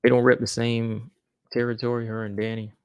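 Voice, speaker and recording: A man's voice: mid-range voice, monotone, a little fast, smooth, no room sound, dull audio. A man hosting a podcast, giving a laid-back casual recap of fights and often filling his talk with "man" and "you know". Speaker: podcast host.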